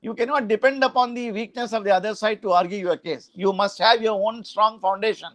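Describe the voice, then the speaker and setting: Indian male law professor, middle-aged, high and dry-toned, lecturing students with frequent "huh?" checks. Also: a little fast, fairly bright tone, no room sound. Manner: explanatory, frequent "huh?" and "uh" asides, mixes in Hindi phrases.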